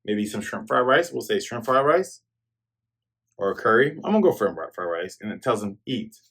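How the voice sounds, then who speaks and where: Animated man recapping a comic chapter. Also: mid-range voice, breathy edge. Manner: animated, slangy retelling that mixes in quick character voices.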